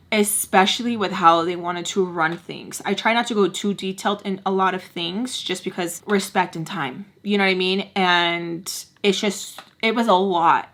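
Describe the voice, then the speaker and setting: A woman in her twenties telling a casual storytime, animated and slangy, acting out every quote. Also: fairly low pitch. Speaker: vlogger.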